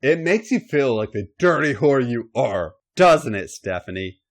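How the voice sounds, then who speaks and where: A man voicing a commanding, sinister dark lord in a comedic erotic story reading, giving slow, domineering orders. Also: medium pitch, big pitch swings, pitched above the performer's own voice.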